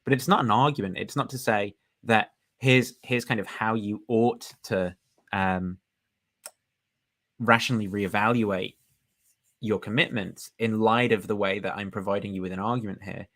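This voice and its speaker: A man's voice: fairly low pitch, steady tone, moderate pace, a bit bright. A man hosting a casual review of a recorded discussion, rambling and chatty as he comments. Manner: rambling, chatty, laughs at himself.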